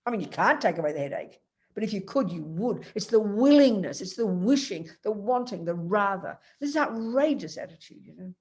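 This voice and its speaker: A woman teaching Buddhist philosophy in an emphatic, animated way, telling stories and addressing her students by name. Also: medium pitch, fairly quick. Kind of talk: Dharma teaching.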